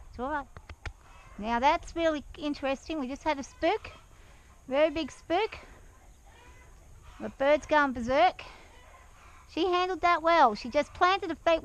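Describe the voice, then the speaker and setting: A woman talking softly and calmly to her horse as she rides it outdoors around a farm yard, with an action camera worn while riding. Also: high voice, measured pace, pauses often, low-quality recording. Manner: soft, soothing coaxing of a horse. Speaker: horse rider and farm owner. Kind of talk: riding vlog narration.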